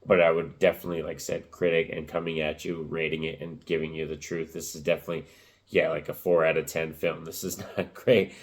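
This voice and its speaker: Deep-voiced rambling male movie reviewer. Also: flat delivery, brisk. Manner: rambling, lots of fillers like "you know" and "like I said". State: voice cracking and rough. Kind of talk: casual spoken movie review.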